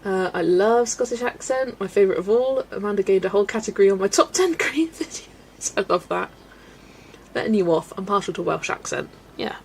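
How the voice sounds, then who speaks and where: A woman's voice: mid-range voice, expressive, a little fast, creaky. A woman hosting a livestream, chatting casually with viewers and laughing often. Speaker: colouring livestream host. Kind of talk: casual chat reading live comments. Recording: faint background noise.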